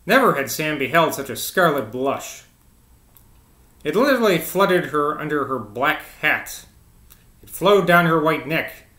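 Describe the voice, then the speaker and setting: A man's voice: fairly high pitch, animated, a little slow, pushed and bright, echoey room. A man reading a novel aloud, informal and chatty, breaking off with casual asides. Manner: informal, chatty, self-interrupting. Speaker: audiobook reader.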